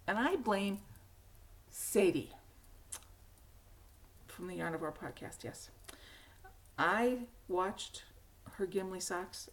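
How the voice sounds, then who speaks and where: Chatty hoarse woman podcaster. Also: medium pitch, expressive, takes it slowly, pauses often. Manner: chatty, rambling, laughs often. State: hoarse, frog in throat. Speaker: knitting podcast host. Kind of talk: casual chat.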